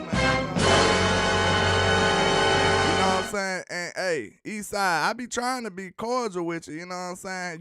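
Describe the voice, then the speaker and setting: A man hosting a sports talk show, chatting casually and teasing viewers as he reads out their comments. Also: sits high. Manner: animated, slangy, teasing the chat.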